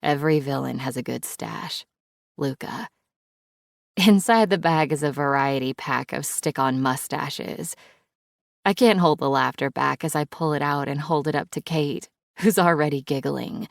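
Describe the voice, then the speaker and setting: A woman's voice: sits low, moderate pace, creaky, dry recording, clean studio sound. A woman narrating a first-person romance audiobook in a wry, playful, intimate way.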